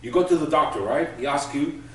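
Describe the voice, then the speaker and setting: A man's voice: on the high side, a little fast. A man teaching a class, patiently explaining with everyday examples. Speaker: Hebrew teacher. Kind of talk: classroom lesson. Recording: echoey room from far off, faint noise.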